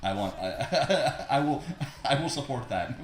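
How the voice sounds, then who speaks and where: A man's voice: mid-range voice, lively intonation, unhurried, soft background music. A man co-hosting a casual podcast chat, laid-back, laughing often and restarting his sentences. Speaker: podcast co-host. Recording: roomy echo.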